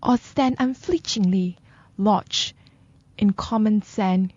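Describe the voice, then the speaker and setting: A woman co-hosting a radio talk show, reading poems aloud slowly and deliberately. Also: mid-range voice, darkish tone, no room sound, highs cut off.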